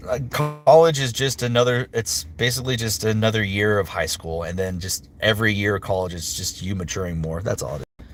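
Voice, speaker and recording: Slight background noise sits under this man's fairly low voice. He's a voice actor streaming live, cheerfully replying to viewers, dropping fillers and tossing off quick impressions.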